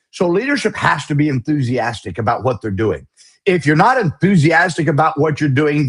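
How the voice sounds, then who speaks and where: A middle-aged man preaching a sermon as pastor, forceful and emphatic, with folksy, mocking asides. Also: fairly high pitch, breathy edge.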